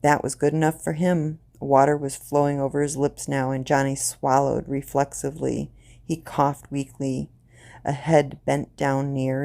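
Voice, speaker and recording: Brief: woman storyteller, deliberate grim reading, mellow dark tone with fry. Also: very deep voice. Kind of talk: reading a short story aloud.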